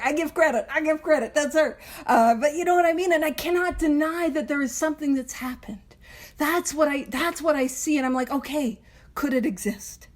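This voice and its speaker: A woman's voice: sits high, brisk. A woman hosting a recovery book study, talking to a group in an earnest, emphatic way, repeating key words and slipping in playful asides. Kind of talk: informal group study talk.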